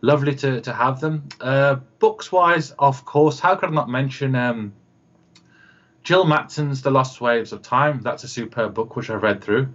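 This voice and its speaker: The recording is muffled, but his medium-pitched voice comes across fairly bright and measured in pace. As a guest on a video call interview, this radio host and producer tells meandering stories full of fillers, acting out the voices of the people involved.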